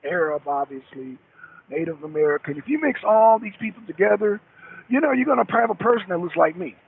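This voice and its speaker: A middle-aged man with a high, gravelly voice, calling in over a tinny, phone-like line with a faint hiss behind him. He rambles, repeats himself, and curses often in loose talk-show chat. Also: animated, fairly quick. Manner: rambling, repetitive, heavy cursing. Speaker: truck driver calling in.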